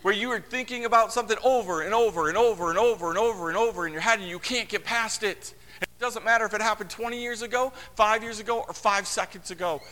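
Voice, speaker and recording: A man preaching a sermon in a conversational, animated way, acting out the lines of the people in his story. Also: fast. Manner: animated, conversational, acts out quotes with big pitch swings. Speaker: pastor. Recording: long hall reverb.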